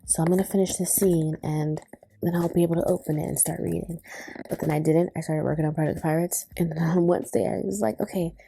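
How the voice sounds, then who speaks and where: Gravelly, mellow-voiced woman vlogging. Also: deep voice, fast talker, no room sound. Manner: chatty, rambling, excitable. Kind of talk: casual vlog chat.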